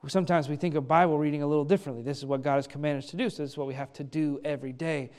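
A man's voice: fairly high pitch, fairly even intonation, rapid-fire, darkish tone. A middle-aged man preaching a sermon, earnest and conversational, with many rhetorical questions. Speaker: pastor.

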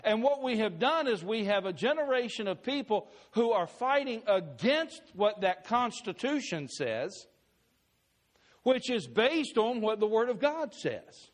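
A man, a pastor, preaching a sermon with slow, emphatic scripture readings. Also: high-pitched, big pitch swings.

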